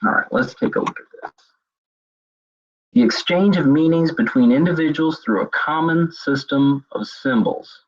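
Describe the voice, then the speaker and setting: Middle-aged male webinar presenter, husky voice, conversational and a bit halting, muffled lo-fi audio. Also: on the high side. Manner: conversational, repeats words while thinking. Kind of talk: webinar lecture. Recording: dull lo-fi web seminar audio.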